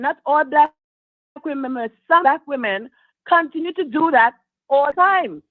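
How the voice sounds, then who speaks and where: A woman's voice: high voice, no room sound. A woman from Trinidad calling into a live talk show, speaking emphatically about her views. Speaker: caller. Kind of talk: call-in show opinion. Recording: tinny phone line, dry.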